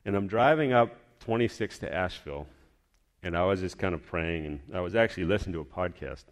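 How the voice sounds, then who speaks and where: A man's voice: sits low, expressive, fast. A man giving a personal testimony to his church, telling a story in a rambling, heartfelt way.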